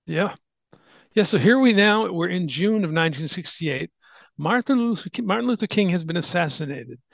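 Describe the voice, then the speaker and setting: Gravelly man telling history in a dry room. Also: high-pitched, lively intonation, moderate pace, fairly bright tone, dry recording. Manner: explains at length, with fillers and restarts. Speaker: podcast host. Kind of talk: casual history chat.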